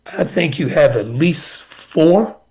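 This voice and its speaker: A man's voice: a little high, expressive, slow pace, darkish tone. A middle-aged man, a college basketball coach, telling stories as a guest in a casual radio interview and often repeating words.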